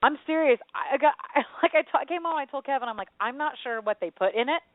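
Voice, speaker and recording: A woman's voice: sits high, fast, dry recording. Woman co-host, chatty and rambling, over a thin phone-like radio signal. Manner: chatty, rambling, animated storytelling. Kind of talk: casual chat. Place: home. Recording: tinny phone-like radio sound, dry.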